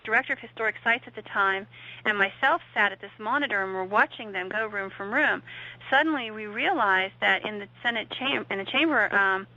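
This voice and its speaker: Bright-voiced woman telling a ghost story. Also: mid-range voice, dry recording. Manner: vivid, suspenseful storytelling. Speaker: guest ghost investigator. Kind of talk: recounting a story in conversation. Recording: dull lo-fi audio.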